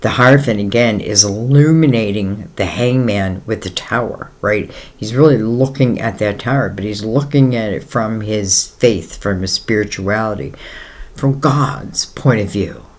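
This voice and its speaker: A man's voice: on the low side, a little slow. A man giving a casual tarot reading, talking in a rambling, conversational way with many fillers and speaking straight to the listener in a reassuring tone. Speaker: tarot reader.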